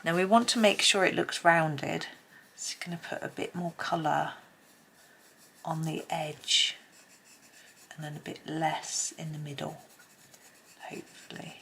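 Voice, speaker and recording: A woman hosting a colouring tutorial, chatting as she works and often dropping to a soft near-whisper. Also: low voice, steady tone, unhurried, creaky, pauses often, a little hiss or hum. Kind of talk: relaxed colouring tutorial narration.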